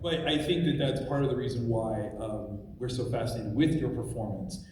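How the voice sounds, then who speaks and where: A man moderating a convention panel, eager and quick to laugh, recorded from the audience on a phone. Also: medium pitch, a crowd in the background. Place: large convention hall. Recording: echoey hall, phone from far off.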